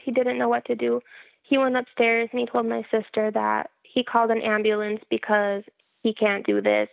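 A woman's voice: mid-range voice, creaky, dry recording. A woman frankly telling her own story in a casual interview, wry and laughing at herself. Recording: tinny phone-like line.

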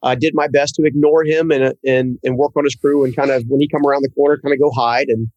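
A man who is a guest in an interview, telling a personal story in an earnest, halting way and often repeating words. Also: mid-range voice, level tone, darkish tone, no room sound, highs cut off.

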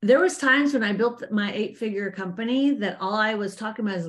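A middle-aged woman giving a faith-based leadership talk to women, earnest and animated, speaking to her listeners directly as ladies. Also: mid-range voice, fairly quick, few pauses. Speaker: business coach teaching women.

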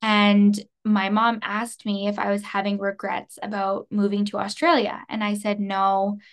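A woman in her twenties from Canada, hosting a podcast in an earnest, emotional monologue, laughing softly between phrases. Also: mid-range voice, monotone, a little slow. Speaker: podcast host. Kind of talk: personal reflective monologue.

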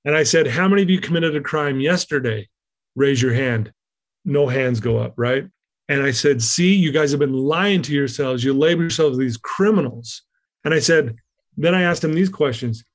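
A man's voice: mid-range voice, moderate pace. A middle-aged man telling a story as a podcast guest, acting out his own quotes with animation. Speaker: guest speaker.

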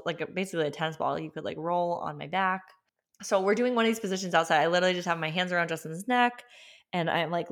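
A young woman hosting her own podcast, talking casually through a personal story. She speaks in a fairly low voice and leans on "like" as she stresses her points. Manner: chatty, emphatic, lots of "like". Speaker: podcast host.

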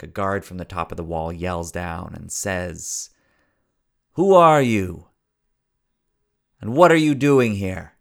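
Male podcast host and story coach, low, gravelly voice, earnest and preachy, repeats key lines for emphasis. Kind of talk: motivational podcast monologue.

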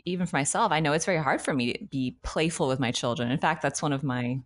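Low-voiced woman, earnest and thoughtful. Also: fast. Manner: thoughtful, earnest, admits her own struggles. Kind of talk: casual chat.

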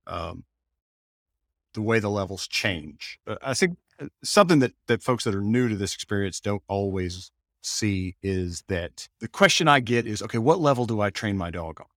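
Brief: male host, fairly low voice, dry close mic, easygoing storyteller. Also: normal speed, no room sound. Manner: relaxed, tells anecdotes, asks guiding questions. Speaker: podcast host, dog trainer. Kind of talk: casual podcast discussion.

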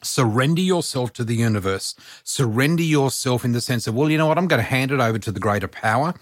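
Earnest man in his sixties, medium-pitched and speaking right into a dry, close mic, podcast guest who turns to the audience with heartfelt encouragement. He talks about spiritual matters in a steady, sincere way. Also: fast talker, no room sound. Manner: earnest, encouraging, addresses listeners directly. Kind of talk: casual podcast chat.

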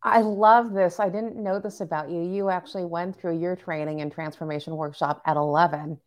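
A woman's voice: fairly low pitch, steady tone, moderate pace, darkish tone. A woman hosting a podcast interview, enthusiastic and affirming toward her guest. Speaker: podcast host.

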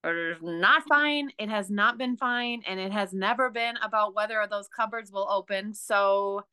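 A woman's voice: medium pitch, measured pace, sharp tone, clean tone. A woman co-hosting a casual conversation, explaining her ideas in an earnest, emphatic way.

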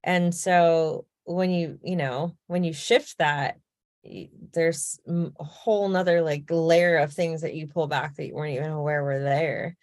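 A woman's voice: sits low, steady tone, a little slow, darkish tone, no room sound, clean studio sound. A woman co-hosting a podcast, reflecting in casual chat and thinking aloud with fillers. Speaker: podcast co-host.

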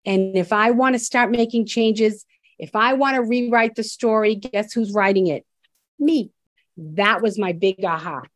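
A woman's voice: mid-range voice, measured pace, no room sound. Blunt, emphatic woman guest, dry close mic. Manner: emphatic and blunt, with frequent restarts. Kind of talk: candid conversational storytelling.

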